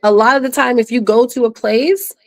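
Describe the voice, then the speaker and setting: A woman speaking bluntly and candidly as a guest in a casual online panel discussion, with quick asides and restarts. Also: fairly high pitch.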